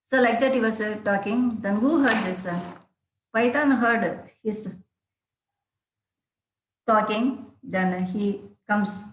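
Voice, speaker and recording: A woman English teacher explaining a story to students, halting, with many fillers and rhetorical questions. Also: medium pitch. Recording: roomy echo.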